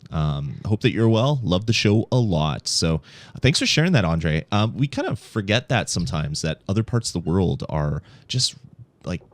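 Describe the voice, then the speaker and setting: A young man hosting a casual podcast, talking in a relaxed, rambling way with lots of ums and restarts. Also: low voice, normal speed. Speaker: podcast host.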